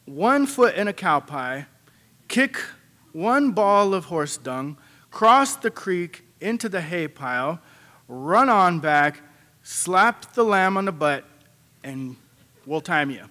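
A man voicing a stubborn, shrewd old man who speaks firmly and plainly, getting loud as he sets the terms. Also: sits high, expressive, slow pace, full character voice. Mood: commanding. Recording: long hall reverb.

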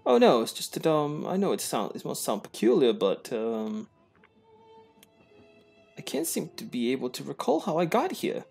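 Brief: man doing a posh, flustered young 1920s gentleman, raised pitch, gravelly, animated. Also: moderate pace, faint music behind, exaggerated voice. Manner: posh, breathless, nervous. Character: anxious, lovestruck young man in 1920s hotel. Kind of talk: posh put-on voice.

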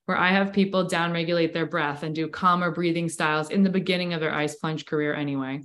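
A woman's voice: low-pitched, steady tone, fast, a bit bright. A woman who coaches breathwork and cold exposure, explaining enthusiastically in a casual interview with long flowing sentences.

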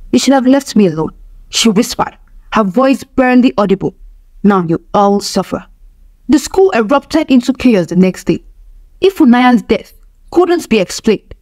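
A woman telling a dark folk tale in steady, dramatic scripted narration. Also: a little high, dry recording. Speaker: storyteller.

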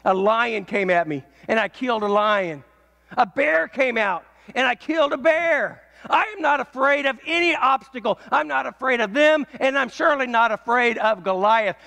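A man's voice: very high-pitched, creaky, sharp tone, heavily acted. A man preaching voices a bold, confident young shepherd boy defying a giant. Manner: confident and defiant. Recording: echoey church hall.

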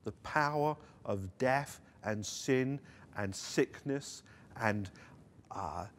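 A man's voice: medium pitch, very slow, a little hiss or hum. A man preaching a sermon at a church service, earnest, with rising emphasis on key lines. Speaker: pastor. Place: church service streamed online.

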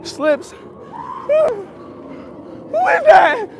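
A man's voice: extremely high pitch, sing-song, slow, pauses often, heavy background noise. A young man streaming a haunted house walk, panicky, swearing and yelping in fright.

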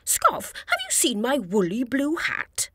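An excited young male character from a children's storybook, eager and bright, as a woman narrator plays him. His voice is high and breathy and bounces around a lot. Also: unhurried, dry recording, studio quality, exaggerated voice.

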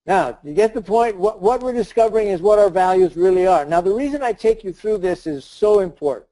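A man's voice: high-pitched, expressive, fairly quick, rough recording. A man leading a webinar, giving a motivational talk and acting out the lines of a story he tells. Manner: storytelling, acts out dialogue, shouts in the story. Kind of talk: motivational talk with a told scenario.

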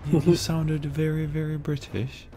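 A man's voice: fairly high pitch, level tone, moderate pace, warm tone. A man on voice chat in a game, teasing and joking with the others. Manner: teasing, laughing. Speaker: player on voice chat. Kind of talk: casual gaming chat.

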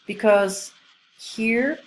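A woman teaching an online language lesson, explaining and repeating phrases slowly for learners. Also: a little high, slight background noise, low-quality recording.

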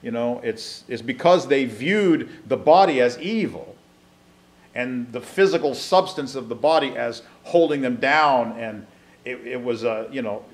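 A man leads a Bible class in an even, mid-pitched voice. He reads scripture passages aloud, then stops to explain them, often restarting his sentences as he teaches. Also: measured pace.

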